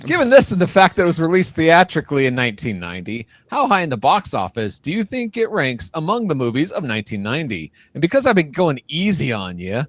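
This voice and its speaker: A man co-hosting a podcast with a slightly higher voice and an animated, playful delivery. He teases the host and reads out facts. The sound is close and dry. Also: fast, hardly any pauses, no echo. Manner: teasing, playful interrupter. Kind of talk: casual podcast banter.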